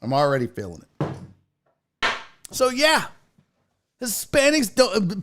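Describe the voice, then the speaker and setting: A man hosting a comedic talk show, ranting in a loud, mocking, profane way and slipping into exaggerated voices. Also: medium pitch, wildly swooping pitch, a little slow, long pauses, a little hiss or hum. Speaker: podcast host.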